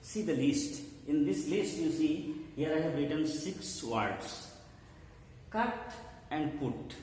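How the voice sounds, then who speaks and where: A man teaching an English lesson who explains slowly, spells out letters and pauses often with "uh". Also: on the high side, animated, darkish tone, a little hiss or hum. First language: not English. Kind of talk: classroom-style lesson. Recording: echoey hall, voice from far off.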